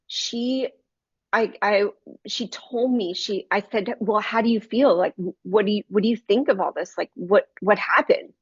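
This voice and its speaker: A woman's voice: mid-range voice, breathy edge, dry recording, highs cut off. A woman giving a heartfelt Christian devotional talk, telling a personal story in an earnest way and speaking to listeners as y'all. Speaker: Christian book reviewer.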